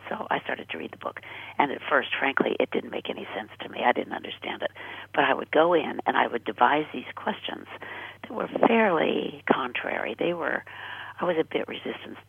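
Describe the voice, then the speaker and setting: An older American woman tells her personal story as a radio interview guest. She speaks earnestly and often sinks to a breathy near whisper. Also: low voice, expressive, brisk, a little hiss or hum. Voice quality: husky, gravelly, breathy. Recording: dry tinny phone-line radio sound.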